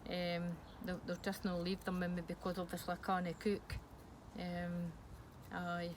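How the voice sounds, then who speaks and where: A woman's voice: on the low side, completely flat delivery, measured pace. A middle-aged woman with a Scottish accent, speaking frankly and hesitantly in an interview, with many ums and restarts. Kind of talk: candid personal interview. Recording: noisy background hiss.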